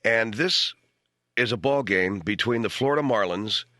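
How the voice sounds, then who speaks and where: A man's voice: on the low side, moderate pace, sharp tone, no room sound. A man hosting a radio comedy show from a studio, chatting casually in a wry, self-deprecating way. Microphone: studio microphone.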